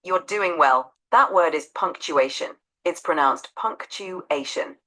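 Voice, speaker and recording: An AI assistant with a woman's voice, patiently and encouragingly coaching pronunciation in a measured way. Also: sits low, sharp tone, poor audio.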